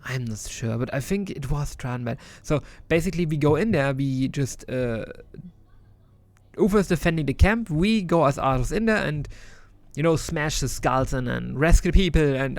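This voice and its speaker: A man's voice: on the high side, lively intonation, moderate pace. A man casually reviewing an old strategy game, chatty and enthusiastic with many restarts.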